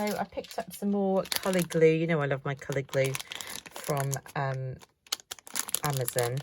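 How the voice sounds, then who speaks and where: A woman's voice: sits low, creaky. A middle-aged woman chatting casually through a craft haul, thinking aloud as she shows each item. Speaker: craft vlogger.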